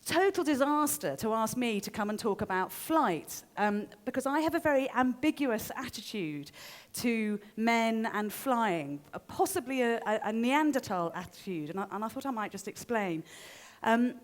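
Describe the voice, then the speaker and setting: A woman's voice: a little high, animated, moderate pace. A woman in her forties giving an informal talk to a live audience, chatty and self-deprecating with frequent ums and restarts. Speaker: speaker giving a short stage talk.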